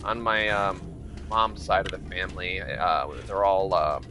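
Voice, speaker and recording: In a low-pitched, unhurried voice with a sharp tone, a man from Michigan, United States, rambles through casual chat with his viewers as he plays a game on stream, greeting them by name.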